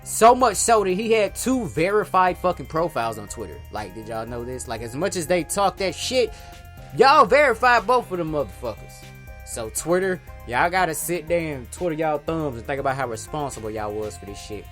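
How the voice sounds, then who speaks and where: A man's voice: a little high, sing-song, normal speed, a bit bright, faint music behind. A man reading news stories aloud on his podcast, stumbling over words, then breaking into slangy, profane commentary. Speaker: podcast host.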